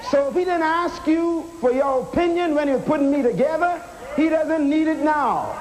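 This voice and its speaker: High-voiced, emphatic man preaching a sermon. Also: moderate pace, background noise. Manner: emphatic, rhetorical questions, call-and-response with the crowd. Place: auditorium.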